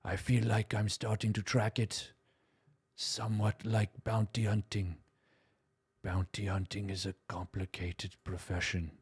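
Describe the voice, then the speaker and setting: A male game caster fills a break with slow, rambling, self-amused chat. His voice is low and husky. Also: flat delivery. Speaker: tournament caster. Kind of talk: casual chat during a stream break.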